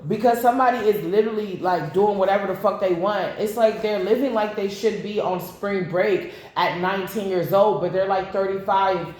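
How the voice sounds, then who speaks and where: Woman doing a tarot reading, swears a lot and goes off on tangents, middle pitch, sounds like a big echoey room. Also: moderate pace, few pauses, darkish tone. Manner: blunt, profane, rambling asides. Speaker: tarot reader. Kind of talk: casual tarot reading to camera.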